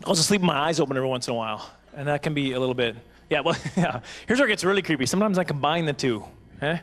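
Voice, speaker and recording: A man in his forties doing animated, self-mocking stand-up comedy at a banquet, on a handheld microphone. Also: a little high, racing. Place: banquet hall stage.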